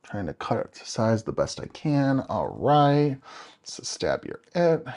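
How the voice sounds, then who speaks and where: A man's voice: medium pitch, very animated, unhurried, a little mellow. A young man, chatting upbeat to viewers as he shows card-making on a live stream. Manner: chatty, upbeat, talks to viewers by name while working. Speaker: card-making tutorial host. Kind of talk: live-stream crafting demo.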